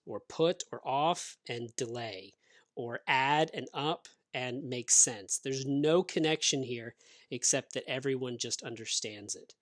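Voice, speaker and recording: A man teaching English grammar, explaining rules slowly and clearly with example sentences. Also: medium pitch, fairly bright tone, dry recording, clean studio sound. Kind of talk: grammar lesson.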